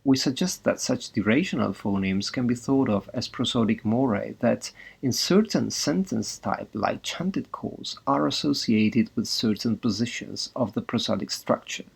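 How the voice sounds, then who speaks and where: Husky-voiced man giving an academic talk. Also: medium pitch, expressive. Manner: measured, read-aloud delivery. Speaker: linguistics researcher presenting a poster. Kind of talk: scripted academic presentation.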